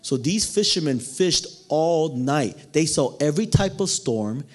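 A man preaching a sermon in a playful, animated way, acting out the people in the story and laughing often. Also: on the high side, measured pace.

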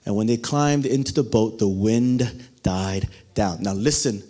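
This sermon comes from a man whose voice is lowish and warm, speaking at a measured pace. He plays it dramatically, voicing the quotes and posing questions to the congregation.

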